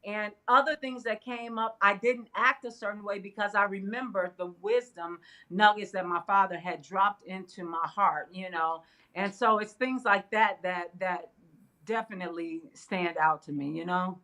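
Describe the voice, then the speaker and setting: Bright-voiced woman telling a story. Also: medium pitch, normal speed. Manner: animated, laughs often, fillers like "you know". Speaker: guest. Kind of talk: casual storytelling. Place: interview studio.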